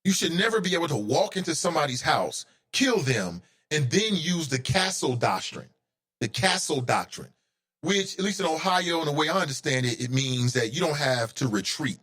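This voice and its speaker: A man's voice: a little high, expressive, normal speed, a bit bright. A man hosting his own talk show, giving heated, opinionated commentary that climbs into indignant outbursts.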